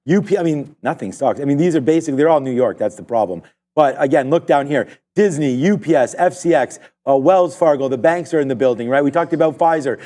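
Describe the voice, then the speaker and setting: Man, live trading commentary, mellow dark voice, rambling with lots of fillers. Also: a little high, lively intonation, quick pace. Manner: rambling, filler-heavy, thinking aloud. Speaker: live trading show host. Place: trading desk studio.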